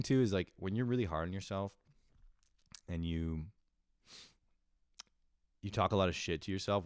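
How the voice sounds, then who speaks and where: A man's voice: low-pitched, smooth, no room sound. A young man hosting a casual solo podcast, rambling and swearing a lot, laughing at himself as he talks into a close mic. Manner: rambling, profane, self-deprecating, with frequent laughs. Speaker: podcast host.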